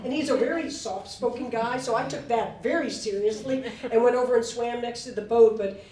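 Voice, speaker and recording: A woman in her sixties, a guest telling stories at a live talk, animated and laughing, with fillers and restarts. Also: a little high, a little fast, crowd noise. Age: 60s. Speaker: interview guest. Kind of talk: lively storytelling on stage. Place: live event hall. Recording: echoey room, voice from far off.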